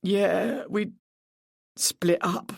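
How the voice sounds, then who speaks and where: Read by the narrator, a sullen young man drops short, flat answers that go nowhere. His grief sits just under the clipped words. The read is dry and close, with no room sound. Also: high voice, drawn-out words, vocal fry, dry recording, pitched above the performer's own voice, heavily acted. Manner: flat, curt, mumbling replies. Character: grieving sullen young male cyclist.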